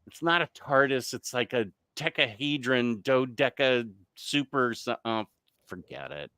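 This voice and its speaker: A man hosting a relaxed live chat show, reading comments aloud and laughing easily. His voice is bright and crisp. The mic is close and dry, with no room sound. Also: medium pitch, unhurried, dry recording. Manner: chatty, laughs often, loses his train of thought. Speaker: livestream host reading chat.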